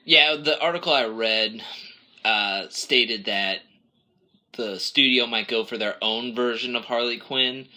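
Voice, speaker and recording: A man's voice: medium pitch, a little slow, sharp tone. A man co-hosting a podcast in casual chat, rambling and correcting himself as he acts out quotes. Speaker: podcast co-host.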